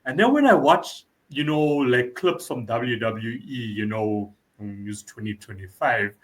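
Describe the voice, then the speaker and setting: A man hosting a casual interview, conversational, repeating his key points and filling pauses with "you know". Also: medium pitch.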